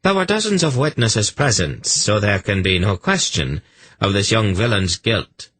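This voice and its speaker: A man's voice: lowish voice, animated, moderate pace, a bit bright, husky, voice pushed up. A man voicing a strident, zealous priest inquisitor who declaims with self-righteous certainty.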